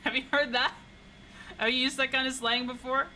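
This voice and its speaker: A woman's voice: high voice, steady tone, moderate pace, sharp tone, slight background noise, low-quality recording. A young woman streaming a flight game, chatting casually and teasing her chat in a playful way.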